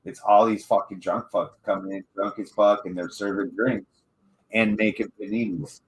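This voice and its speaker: A man's voice: lowish voice, steady tone, moderate pace, poor audio. A man from Michigan with a Michigan accent, telling a rambling, profane story in casual chat as a podcast co-host.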